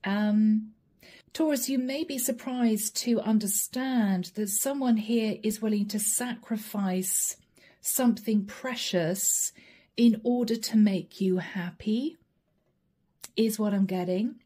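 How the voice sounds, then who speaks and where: A woman's voice: mid-range voice, slow, mellow, breathy edge. A woman giving a casual, emotional tarot reading, telling a vision as a story and speaking to her viewers in an intimate way. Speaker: tarot reader.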